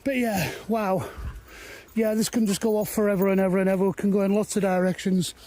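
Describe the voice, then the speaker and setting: A walking vlogger with a high, mellow, steady voice talks a little fast to the camera while hiking hilly woodland paths. His casual narration rambles, he's easily amazed, and now and then he's a bit out of breath.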